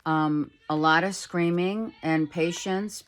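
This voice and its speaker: A middle-aged woman giving a casual tarot reading at home, talking softly and rambling, with many fillers. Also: on the low side, steady tone, slow, a little hiss or hum. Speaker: tarot reader. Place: home, with a child heard in the background.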